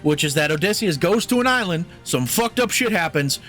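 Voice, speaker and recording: A young man holds forth on a casual podcast, rambling and swearing freely as he jokes his way through a film review. His voice sits a touch high for a man, and faint music hums underneath. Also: lively intonation, a little fast. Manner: rambling, profane, jokey. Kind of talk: casual chat.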